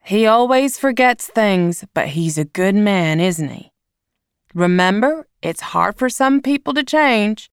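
A woman's voice: medium pitch, animated, slow pace, smooth, no echo, clean studio sound. A woman reading aloud, voicing a bossy older aunt who lectures firmly. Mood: soothing. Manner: lecturing, firm.

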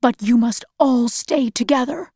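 A woman reading the lines of a worried, gentle father in a storybook, soft and urgent. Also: a little high, measured pace, slightly rough, no echo, clean studio sound.

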